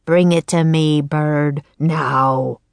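A woman voicing a cruel male raven king villain in a storybook, with a croaking, gravelly voice and slow, sneering delivery. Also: deep voice, steady tone, no echo, voice pushed down, heavily acted.

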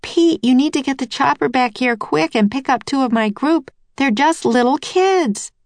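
Lady doing a flustered tour guide lady, sputtery, squeaky high, dry close sound. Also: measured pace, no echo, close to an everyday voice. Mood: urgent. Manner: excited, sputtering, rising high. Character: flustered adult woman expedition guide.

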